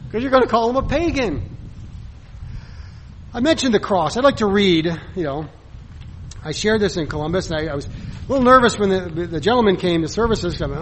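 A man's voice: sits high, a little hiss or hum, rough recording. A man preaching a sermon in a conversational way, full of rhetorical questions and acted-out bits of dialogue.

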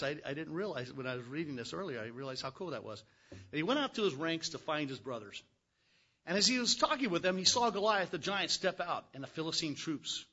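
A man preaching a conversational sermon, reading scripture with folksy, animated asides. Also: medium pitch, slightly rough, muffled recording. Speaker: pastor.

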